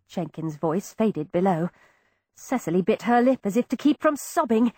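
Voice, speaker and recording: A woman giving expressive first-person narration of an audiobook, voicing each character. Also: mid-range voice, normal speed, no echo, clean studio sound.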